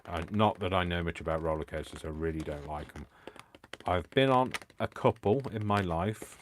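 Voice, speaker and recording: A man with a very low voice chats casually while he cuts and crafts on a live stream. He rambles and pokes fun at himself, and there is a faint hiss behind him. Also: moderate pace. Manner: rambling, self-deprecating. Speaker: crafting livestream host.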